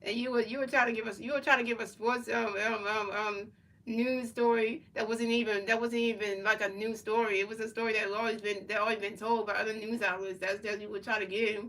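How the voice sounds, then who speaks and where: A woman's voice: on the high side, flat delivery, fairly quick, fairly bright tone, recorded from a distance, poor audio. A woman streamer in casual chat, rambling and repeating herself as she answers her chat. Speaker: livestreamer.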